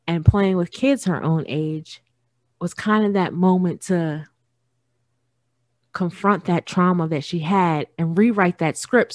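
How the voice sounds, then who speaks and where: Woman podcast host, 30s, lowish voice, dry close mic, earnest motivational monologue. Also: a little mellow, dry recording. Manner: earnest, motivational, repeats phrases for emphasis. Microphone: studio microphone.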